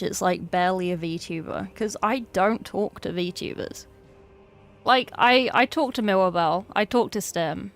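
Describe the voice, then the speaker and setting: An English woman chatting casually on a livestream, chatty and swearing freely with exasperated asides. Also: mid-range voice. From England. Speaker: streamer.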